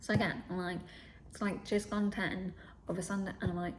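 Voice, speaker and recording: Telling a story in a casual, chatty way, a young woman vlogger swears freely, voices other people's words, and drops to a whisper often. She speaks briskly at a medium pitch with a level tone, over a little hiss or hum.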